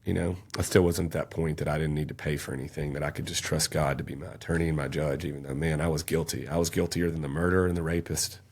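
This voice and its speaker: A man's voice: extremely low pitch, steady tone, fast, hardly any pauses, breathy edge. A man, telling an intense, emotional personal story as a podcast guest. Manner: intense, emotional storytelling, raising his voice at peaks.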